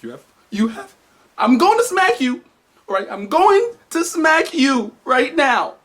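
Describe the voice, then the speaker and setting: A man's voice: extremely high pitch, a bit bright, voice pushed up. A man voicing an anxious mother who keeps hesitating and pleading before she disciplines her son. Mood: threatening. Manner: hesitant, pleading, building up slowly.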